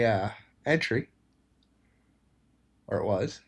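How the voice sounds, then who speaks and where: Guy doing live trade commentary, low key, kinda mumbly, mid pitch voice. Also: moderate pace. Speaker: trading streamer.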